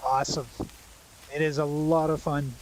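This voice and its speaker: A chatty man streams a hunting game live and talks viewers through what he is doing. His voice sits a touch high, with a faint hiss of noise behind it. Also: flat delivery, moderate pace, darkish tone, poor audio. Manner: chatty, explains as he plays. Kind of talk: live gameplay commentary.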